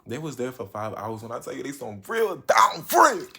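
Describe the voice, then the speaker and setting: A man in his late teens telling a casual storytime vlog, slangy and animated, with sudden jumps in pitch and loudness. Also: quick pace. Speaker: vlogger.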